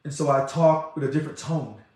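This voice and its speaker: A man delivers a passionate monologue, his fairly high voice rising fast and loud as he gets worked up. The sound bounces around a very echoey room. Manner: passionate, talks fast and loud when excited. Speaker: organization president. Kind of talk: impassioned monologue.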